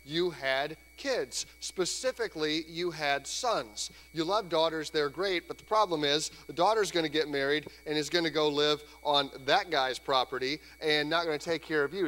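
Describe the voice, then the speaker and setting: Pastor preaching in a reverberant church. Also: male voice, fairly high pitch, a bit bright. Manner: conversational preaching, acts out quoted voices. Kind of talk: sermon. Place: church sanctuary. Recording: church hall reverb, faint hum.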